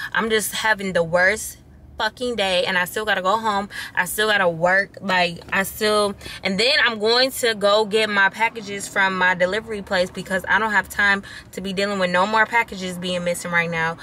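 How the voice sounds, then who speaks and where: A young woman vlogs straight into her phone camera, exasperated and venting, cursing freely. Her voice is bright and clear. Some faint background noise sits underneath. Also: mid-range voice. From Wisconsin. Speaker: vlogger. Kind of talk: casual vlog chat.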